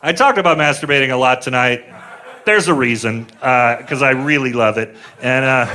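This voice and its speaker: A man's voice: medium pitch, unhurried, long pauses, a crowd in the background, noisy background. A man in his forties doing a stand-up comedy set, telling crude stories in a rambling, laid-back way with lots of filler words. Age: 40s.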